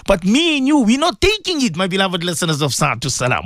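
A man preaching a sermon to radio listeners, rhetorical and animated, acting out the voices he quotes. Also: high-pitched, fast talker, few pauses, no room sound, clean studio sound.

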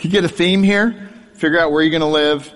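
A man's voice: on the high side, steady tone, brisk, fairly bright tone. A middle-aged man giving a humorous testimony sermon to an audience, a self-deprecating storyteller who chuckles at his own story. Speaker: speaker sharing his testimony. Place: large hall before an audience. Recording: reverberant hall.

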